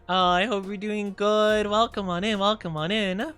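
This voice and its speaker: A woman's voice: mid-range voice, steady tone, fairly bright tone, clean tone, soft background music. A young woman streaming and chatting casually with her live viewers, playful and bubbly, a little sleepy. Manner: playful, bubbly, quick to thank and tease back. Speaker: VTuber streamer.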